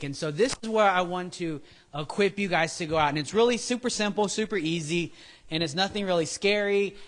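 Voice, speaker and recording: A man's voice: on the high side, a bit bright. A man preaching a casual sermon, chatty and prone to tangents, acting out what people say. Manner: chatty, goes off on tangents, acts out quotes in voices.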